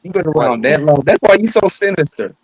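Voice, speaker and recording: A man's voice: a little high, expressive, fast, breathy edge, dry recording, poor audio. A man on a call-in panel bantering and teasing in a playful way. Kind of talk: casual call-in chat.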